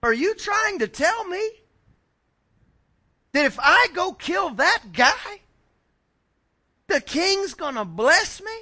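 A man playing an eager young shepherd boy who chats in a folksy way and gets excited, within a sermon. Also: extremely high pitch, fairly quick, hardly any pauses, pitched above the performer's own voice, exaggerated voice.

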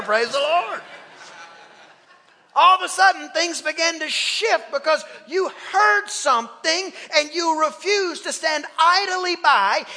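A man's voice: very high voice, pushed and bright. A male pastor preaching an impassioned sermon, repeating phrases and calling for responses from the congregation. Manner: impassioned, with repetition and call-and-response. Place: church sanctuary. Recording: long reverb of a church hall.

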